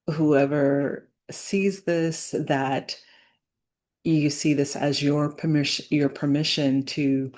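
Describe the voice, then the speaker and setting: A woman speaking to camera in a reflective personal vlog, earnest and halting, with many fillers and restarts. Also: deep voice, darkish tone. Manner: earnest, faith-centered. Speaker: business owner vlogging.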